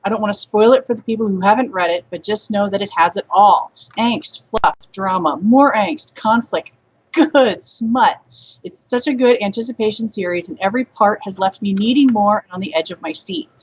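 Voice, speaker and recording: A woman chatting casually as a co-host on a live stream, easygoing and quick to laugh, heard through dull, lo-fi audio. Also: mid-range voice, husky. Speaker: podcast co-host.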